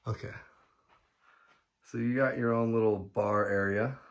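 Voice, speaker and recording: A man with a somewhat low voice leads viewers through a large rental house, chatty, excitable and a little out of breath. The recording carries a faint hiss of background noise. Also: unhurried. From United States. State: breathing heavily. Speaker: vlogger giving a house tour. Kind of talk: casual walk-through vlog.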